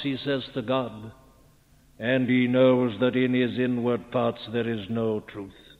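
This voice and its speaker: A man's voice: mid-range voice, fairly even intonation, takes it slowly, phone-quality sound. A man preaching a sermon with earnest rhetorical questions, building to fervent emphasis, recorded on an old archival tape. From Wales. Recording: old archival tape, phone-thin sound, long hall reverb.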